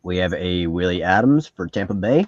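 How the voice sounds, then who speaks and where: A man with a Canadian accent hosting a live card break and reading off each card in a steady listing rhythm. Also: low-pitched, moderate pace, lo-fi sound, a little hiss or hum.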